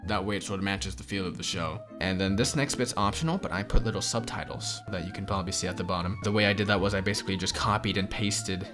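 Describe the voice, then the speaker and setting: A young man with a lowish voice talks through viewer questions in a relaxed, rambling way, dropping in plenty of fillers. Background music plays clearly under his voice. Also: quick pace, few pauses. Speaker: channel host answering questions. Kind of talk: casual Q&A chat.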